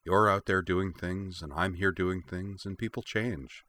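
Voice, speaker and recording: Brief: man doing a gently teasing young warrior woman, low and clear. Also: fairly even intonation, measured pace, a little hiss or hum. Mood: gentle.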